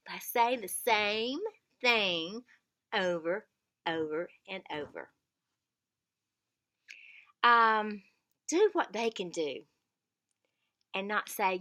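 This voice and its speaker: A woman's voice: fairly high pitch, expressive, takes it slowly, long pauses, bright, forceful tone. A middle-aged woman, giving earnest caregiving tips in a casual vlog and repeating words for emphasis.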